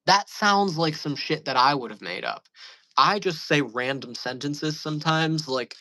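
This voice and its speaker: Guy rambling to camera, bright voice, dry close sound, lots of ums. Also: a little high, animated, unhurried, no room sound, rough recording. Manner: rambling, amused storytelling with frequent fillers. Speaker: channel host. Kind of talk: casual rambling monologue.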